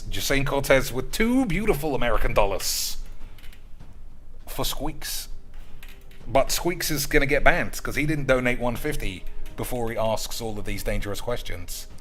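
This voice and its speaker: A man's voice: mid-range voice, a bit bright. A man live-streaming a card game, bantering sarcastically with his chat and swearing freely. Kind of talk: casual live-stream chat while gaming.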